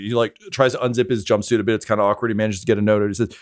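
Hesitant, low-voiced man narrating a game. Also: flat delivery, racing, few pauses. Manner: hesitant, full of fillers. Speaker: game master.

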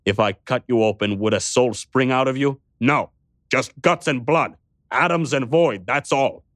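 A man's voice: mid-range voice, measured pace, a bit bright, no echo, clean studio sound, voice pushed up, natural voice. A man voicing an irritable, evasive old tycoon who mutters his lines in an audiobook. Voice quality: muttering, testy.

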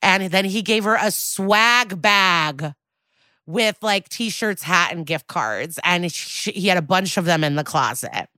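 A woman co-hosting a podcast, recapping a TV episode in casual chat, animated and blunt, with laughs and asides. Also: lowish voice, slow, no echo. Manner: blunt and outspoken. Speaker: podcast co-host.

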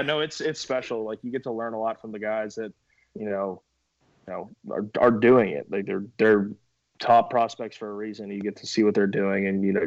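A man's voice: fairly low pitch, no room sound, dull audio. A young man talking casually as a guest, laid-back and laughing often, with many fillers. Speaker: minor league baseball pitcher, guest. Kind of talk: casual podcast chat.

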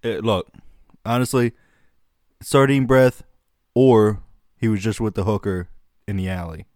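A man's voice: fairly low pitch, fairly even intonation, measured pace, a little mellow, no room sound, clean studio sound. A man co-hosting a casual comedic chat, laughing often and slipping into put-on regional voices.

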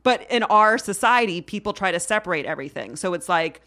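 A woman talking as a podcast guest in a lively, playful way. She explains her ideas freely, and her voice rises and falls a lot as she speaks. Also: fairly low pitch, brisk. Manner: animated, playful, slips into mock-formal voice. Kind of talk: casual podcast chat.

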